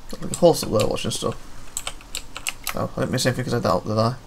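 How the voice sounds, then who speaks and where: A man's voice: mid-range voice, lively intonation, fast, vocal fry, slight background noise. A man playing a detective game, reading the characters' dialogue aloud and breaking off into offhand comments of his own. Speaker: let's play gamer.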